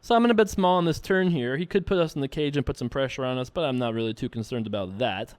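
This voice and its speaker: Smooth-voiced man talking through his poker hands. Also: medium pitch, fast, no room sound. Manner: joking, self-mocking, thinking aloud. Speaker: online poker player commentating his session. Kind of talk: casual play-by-play commentary.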